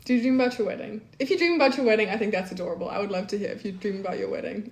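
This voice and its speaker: A woman's voice: medium pitch, very fast, hardly any pauses. A young woman in her twenties chatting casually on a live stream, peppering her talk with "like" and reading comments aloud. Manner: chatty, peppers speech with "like", reads chat aloud. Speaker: livestream host. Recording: echoey room.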